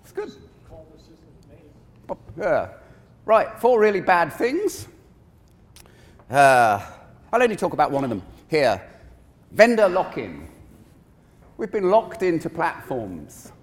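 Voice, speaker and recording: A man speaks from the stage of a large conference hall, his voice ringing with a long reverb. His pitch sits a bit high and swings widely as he talks. He delivers his keynote in a chatty way, wandering off on asides. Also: slow, pauses often. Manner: animated, conversational, digressive.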